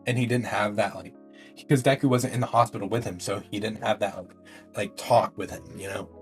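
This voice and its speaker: A man's voice: fairly low pitch, fairly even intonation, a little fast, faint music behind. A man telling a story in a casual, improvised way, rambling with fillers and restarts. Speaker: YouTube storyteller.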